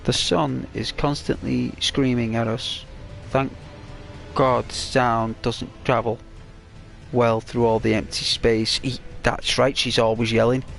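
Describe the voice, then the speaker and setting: A man's voice: mid-range voice, flat delivery, slow, vocal fry, fairly bright tone, faint music behind. Drowsy man rambling over gameplay. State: sleepy. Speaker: channel host. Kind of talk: relaxed gameplay commentary.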